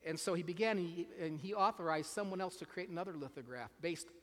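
A man with a slightly high voice preaches a sermon in an earnest, searching way. He often restarts his phrases, repeats words, and puts questions to his listeners. The sound carries a long reverb, as if he is recorded in a large hall. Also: quick pace, fairly bright tone.

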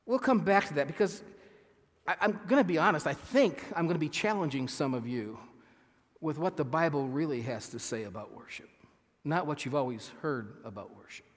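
A man delivers a sermon as pastor, earnest and a little halting, often restarting his sentences. His voice sits somewhat high for a man. When he reads scripture he slows down and leans on the words, and a long reverb hangs behind him as in a church sanctuary. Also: expressive. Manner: earnest, halting with frequent restarts, reading scripture slowly with emphasis.

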